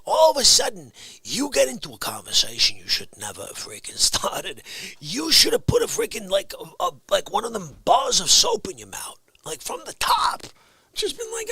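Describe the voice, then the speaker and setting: A middle-aged man hosting a livestream, chatting and ranting comically to viewers, dropping to whispers and jumping to shouts. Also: sits high, unhurried, gravelly. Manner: excitable, swings from whispers to shouts; playful comic ranting to the chat. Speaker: livestream host. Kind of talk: animated livestream chat.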